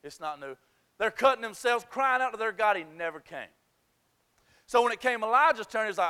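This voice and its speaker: A man's voice: high voice, lively intonation, fairly quick, pushed and bright, smooth. A man preaching a sermon, retelling a scripture story in an impassioned, emphatic, folksy way.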